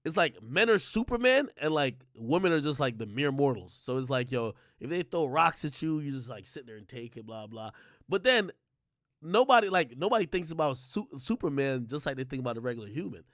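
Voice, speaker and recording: A man's voice: medium pitch, big pitch swings, fairly quick, a bit bright, dry recording, studio quality. A man hosting a livestream, ranting in a heated, profane way and stumbling over filler words and restarts. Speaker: livestream host.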